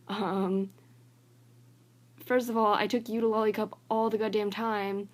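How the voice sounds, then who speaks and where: A young woman with a medium-pitched voice and little pitch movement talks at normal speed. She's a college student venting to her phone in a casual vlog, rambling and exasperated, with "like" filling nearly every phrase.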